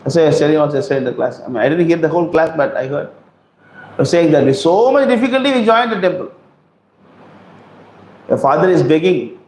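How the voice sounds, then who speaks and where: A man's voice: a little high, expressive, fast talker, pauses often, darkish tone, slight background noise. A man giving a scripture class, asking rhetorical questions and acting out quotes. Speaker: preacher. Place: temple hall. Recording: roomy hall echo.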